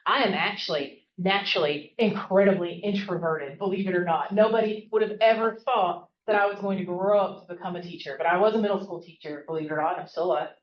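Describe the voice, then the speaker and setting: A woman's voice: lowish voice, roomy sound, lo-fi sound. A woman professor from the American South with a Southern accent, giving a chatty, interactive workshop talk in a classroom and often asking "right?". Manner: fast-talking, chatty, often adds "right?". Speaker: college professor.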